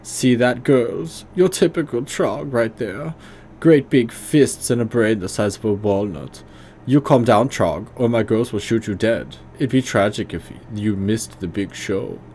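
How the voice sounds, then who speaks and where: A man's voice: on the low side, unhurried, darkish tone, a little hiss or hum, voice pushed up. A man voicing a sneering, arrogant male extremist leader with a put-on German accent and a foppish, mocking manner. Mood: gloating.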